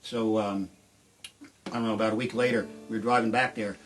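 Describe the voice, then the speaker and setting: A middle-aged man doing rambling, deadpan stand-up storytelling on a live stream from his shed, with sudden shouted outbursts. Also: fairly low pitch, brisk, faint music behind. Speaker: comedian and musician. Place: home shed.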